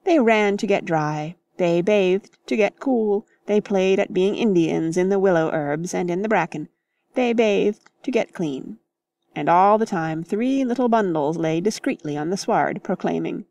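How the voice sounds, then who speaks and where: Woman audiobook narrator, lower voice, measured storytelling, dry booth. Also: darkish tone, no room sound. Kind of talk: scripted narration of a classic novel.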